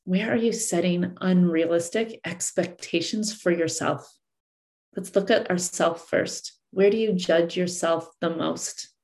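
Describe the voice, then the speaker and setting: A woman with a fairly low voice coaches listeners on relationships. She talks earnestly, repeating and reshaping her phrases as she goes. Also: a little slow, a little mellow. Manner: earnest, repeats and rephrases, acts out angry partners.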